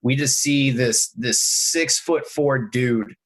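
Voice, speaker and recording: A man on a podcast casually telling a story about working at bars, with halting restarts. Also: mid-range voice, a bit bright, poor audio. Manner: hesitant, many restarts and fillers. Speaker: podcast co-host.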